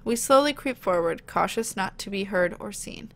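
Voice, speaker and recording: A woman's voice: medium pitch, animated, normal speed. A woman streamer reading a dating game's narration aloud with playful, jokey asides. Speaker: game streamer. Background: game music.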